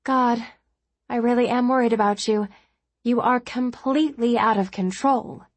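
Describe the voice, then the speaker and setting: A woman voicing a blunt, sharp-tongued woman lawyer in a storybook reading, frank and scolding. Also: a little high, steady tone, normal speed, dry recording, voice pushed up, lightly acted.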